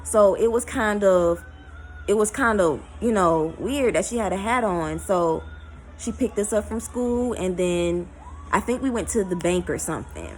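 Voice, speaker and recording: A woman tells a personal story in a vlog, emotional and halting, with many fillers. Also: mid-range voice, expressive, faint music behind, rough recording. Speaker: vlogger.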